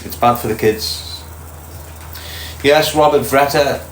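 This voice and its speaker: A man's voice: medium pitch, slow pace, a little hiss or hum. A middle-aged man with a Liverpool accent hosts a casual livestream, reading viewers' comments and talking bluntly, swearing freely. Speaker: livestream host. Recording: echoey room, faint ambience.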